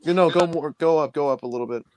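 A man's voice: fairly high pitch, fast talker, no echo. A man co-hosting a live stream in casual chat, laid-back and laughing often. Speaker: stream co-host.

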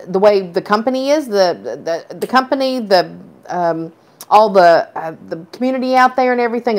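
Eager woman groping for words. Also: mid-range voice. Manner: eager, halting, searching for words. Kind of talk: casual chat.

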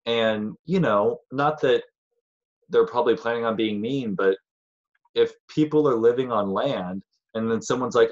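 A man's voice: medium pitch, measured pace, highs cut off. A man teaching a casual history lesson in a chatty, rambling way, sometimes acting out voices of historical figures.

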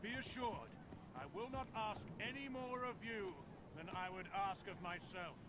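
A man's voice: sits high, expressive, moderate pace. An actor voicing a noble medieval war leader who rallies his troops in a formal, solemn way. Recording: loud game noise behind.

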